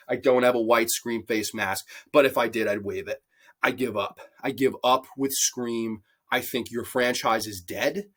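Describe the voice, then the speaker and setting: A man delivering an angry, profanity-heavy movie review rant, repeating himself in exasperation. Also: medium pitch. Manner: angry, sweary, repetitive, exasperated.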